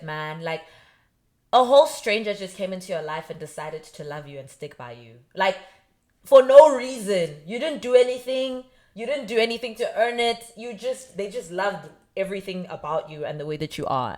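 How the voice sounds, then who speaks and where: A woman's voice: mid-range voice, animated, normal speed. A woman co-hosting a podcast, talking in an earnest, emphatic and opinionated way in casual chat. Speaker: podcast co-host.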